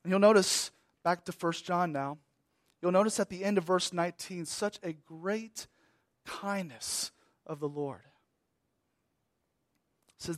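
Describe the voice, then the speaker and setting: High-voiced preacher, loud then hushed. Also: male voice, a little slow, long pauses, no echo, clean studio sound. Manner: swings between emphatic raised delivery and hushed, trailing phrases; repeats key words for emphasis. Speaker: pastor. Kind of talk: sermon.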